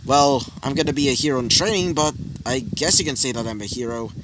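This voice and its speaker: A man reading the part of an earnest teenage boy training as a hero, polite and a little hesitant, in a plain, mid-pitched voice. The reading sits over a steady hiss of noise. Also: brisk, lightly acted.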